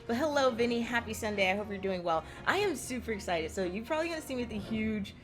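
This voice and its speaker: A woman streaming a game to her live chat, gushing and excitable, rambling with many fillers and swearing when she gets hyped. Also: on the high side, fast. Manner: rambling, with many likes and ums. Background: jazzy game music.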